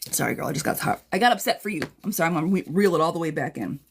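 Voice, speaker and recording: A woman's voice: deep voice, animated, rapid-fire, slight background noise. Chatty blunt woman tarot reader. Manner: chatty, blunt, calls viewers girl and friend. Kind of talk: live-stream reading replay.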